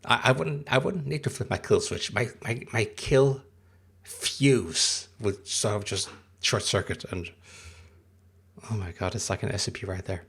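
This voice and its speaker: Low gravelly-voiced man streaming. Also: a little slow, a bit bright. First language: not English. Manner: rambly, reads chat aloud and answers it. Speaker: livestreamer. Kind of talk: rambling casual livestream chat.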